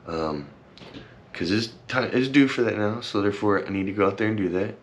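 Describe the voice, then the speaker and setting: A young man on the low side of pitch speaks a little fast with lively intonation, talking casually to his camera. The heartfelt vlog rambles earnestly, heavy on fillers and repeated thanks, with occasional tears.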